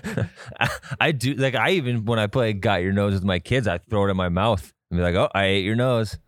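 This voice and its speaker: A man's voice: on the low side, a little fast, no room sound. A man co-hosting a podcast, talking in a playful, laughing way and swearing casually. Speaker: podcast co-host. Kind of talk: casual chat.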